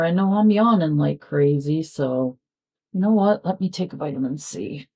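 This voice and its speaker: A woman's voice: deep voice, normal speed, a little mellow. A woman chatting casually at home while she works on a craft, rambling and trailing off mid-sentence. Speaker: crafting vlogger. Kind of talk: casual chat while diamond painting.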